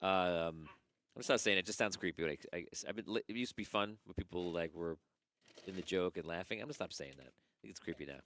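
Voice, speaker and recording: Man, podcast host, bright tense voice, animated rambling stories, studio mic. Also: low voice, fast talker. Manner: animated storyteller who stammers and repeats himself. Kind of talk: casual podcast chat.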